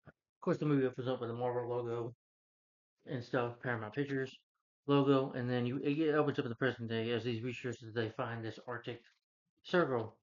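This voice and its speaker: A man's voice: medium pitch, flat delivery, fairly quick, muffled recording. A man giving a casual, rambling plot recap as a movie reviewer, earnest when praising the hero. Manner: rambling, loose retelling with restarts; earnest, heartfelt asides.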